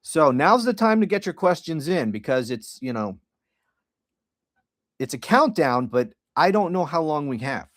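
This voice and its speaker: A man's voice: a little high, very animated, a little slow, no echo, clean studio sound. Profane, rambling middle-aged man on a livestream. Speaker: podcast host. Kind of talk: casual livestream monologue.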